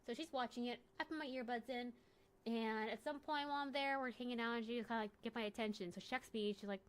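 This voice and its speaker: Rambling young woman streamer, slightly high. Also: fast talker, clear, resonant tone. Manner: rambling, self-correcting, jokey. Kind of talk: casual storytelling while gaming.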